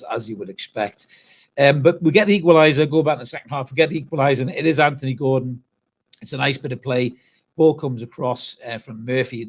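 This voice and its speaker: A man hosts a live football reaction stream, blunt and sweary as he reads out viewers' comments. He sounds tired, and his voice is husky. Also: medium pitch. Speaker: football fan channel host. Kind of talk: live post-match reaction and reading comments.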